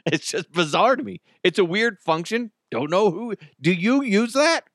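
A man hosting a solo podcast, telling stories in a lively way and laughing often. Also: high voice, unhurried, no room sound, studio quality. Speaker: podcast host.

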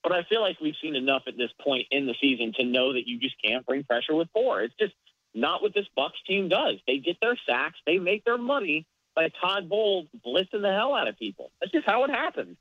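A man's voice: fairly high pitch, lively intonation, a little fast, no room sound. A man co-hosting a casual sports podcast, explaining plays in an analytical way. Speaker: podcast co-host. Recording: dull lo-fi dry sound.

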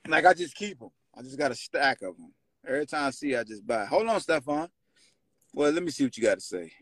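A man hosting a sports call-in show, loud and playful as he trash-talks. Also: medium pitch, expressive, fairly quick, dry recording. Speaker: host.

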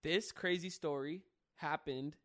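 A young man hosting a casual chat and telling a story in an animated way, full of fillers and swearing. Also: fairly high pitch, a little slow. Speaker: YouTuber host.

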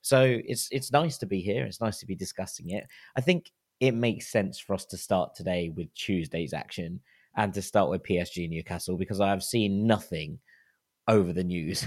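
A man hosting a football podcast, chatting in a relaxed, thoughtful way with hedging asides. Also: low-pitched, no echo, studio quality. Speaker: podcast host. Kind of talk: casual football chat. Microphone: studio mic at night, speaking quietly.

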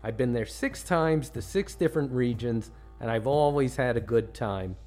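A man's voice: medium pitch, expressive, normal speed, darkish tone, soft background music. A middle-aged man from the United States, a podcast host telling comic travel stories with dry, self-mocking jokes. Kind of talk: comic storytelling narration.

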